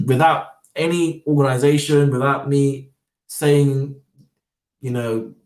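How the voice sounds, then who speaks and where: Male vlogger, middling pitch, loose rambling delivery, roomy off-mic sound. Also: steady tone, takes it slowly, a little mellow, distant mic. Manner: rambling, frequent fillers and repeated words. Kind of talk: casual monologue.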